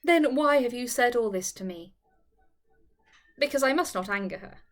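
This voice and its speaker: A proud young widow, haughty and cutting in her replies, as a woman reading a classic novel puts her on. Her voice rides high and sharp. She speaks like a lady of good standing. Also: animated, moderate pace, natural voice. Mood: exasperated.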